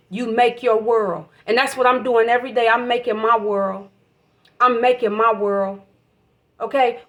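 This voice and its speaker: A woman's voice: on the high side, fairly bright tone. A woman giving an emotional, preachy spiritual monologue, swearing freely as she talks. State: emotional, voice catching. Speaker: vlogger.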